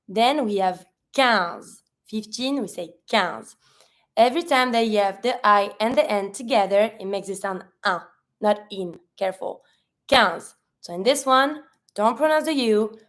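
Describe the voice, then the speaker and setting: A woman teaching a French lesson, explaining pronunciation patiently step by step with repeated examples. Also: a little high. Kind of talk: online language lesson.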